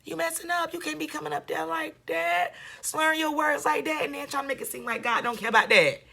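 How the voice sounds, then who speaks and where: A woman's bright, forward voice carries her casual reaction commentary. She is blunt and sarcastic, scolding the person she watches and hammering points home by repeating them. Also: high voice, brisk, gravelly. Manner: animated, repeats herself with emphasis. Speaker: video commentator.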